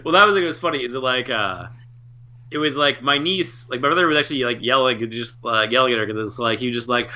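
Casual co-host, a man with a sharp, bright voice who rambles through his stories. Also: mid-range voice, quick pace, muffled recording. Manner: rambling, heavy on filler words and restarts. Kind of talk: casual chat.

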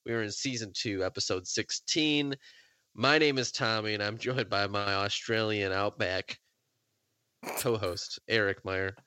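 A man's voice: lowish voice, measured pace, sharp tone, smooth, dry recording. A man hosting a podcast in casual chat, easygoing, laughing often, with plenty of fillers. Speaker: podcast host.

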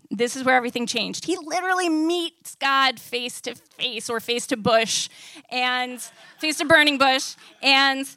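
A woman's voice: high voice, sharp tone, dry recording. A woman preaching a sermon in a conversational way, often asking the audience questions.

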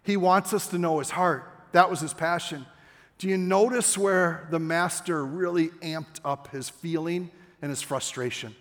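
An older man preaching a sermon with passion, his voice climbing toward near-shouts at the key points. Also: on the high side, a little slow. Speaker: pastor. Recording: long hall reverb with faint music.

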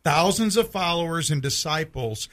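Earnest radio Bible teacher. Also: male voice, on the high side, expressive, normal speed, a bit bright. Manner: earnest, plainspoken, asks questions to teach.

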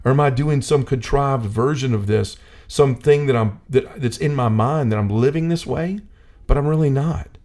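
A man's voice: mid-range voice, normal speed, a little mellow. A man talking earnestly about faith in a casual discussion, full of "like" fillers, building to a preachy intensity.

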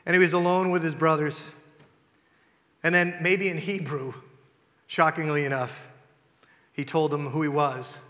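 A man's voice: on the high side, level tone, a little slow, pauses often, sharp tone. A male pastor preaching a storytelling sermon, retelling scripture in casual, conversational words. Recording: long hall reverb.

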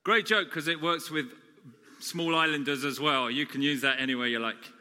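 A man preaching a chatty sermon full of jokes, swinging between loud and soft. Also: a little high, moderate pace, in a large hall.

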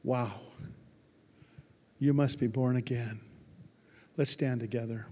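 A man preaching a sermon as pastor, emphatic, swinging from hushed to loud. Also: medium pitch, steady tone, takes it slowly. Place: large church hall. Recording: long hall reverb.

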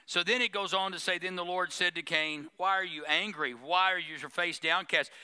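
A male pastor delivers a sermon to his church, teasing the crowd with humor. His voice is bright and crisp, sitting a little high for a man. He keeps it lively and pointed. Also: normal speed. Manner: preachy, humorous, acts out mocking prayers.

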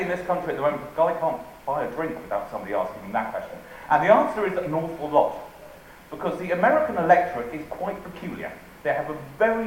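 A man's voice: medium pitch, a bit bright, slight background noise. An English man giving a humorous talk on rhetoric to a live audience, with a dry, playful, witty delivery and quotes recited with emphasis. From England. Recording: very echoey hall, faint ambience.

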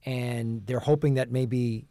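A man's voice: medium pitch, steady tone, slow pace, mellow, no room sound, clean studio sound. Man chatting on a film podcast. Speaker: podcast co-host. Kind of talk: casual film discussion.

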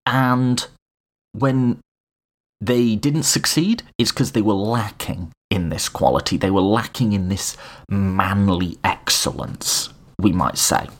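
A man's voice: lowish voice, slow pace. A man giving a casual spoken lecture on political philosophy, with frequent restarts and joking asides to his listeners. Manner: animated, self-correcting, informal asides.

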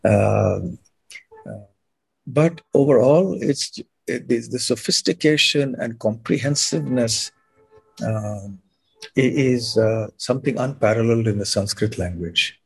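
A man speaking as a guest monk on a podcast, explaining in a measured way and often clearing his throat. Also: medium pitch. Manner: measured, frequent throat clearing, sips to soothe throat.

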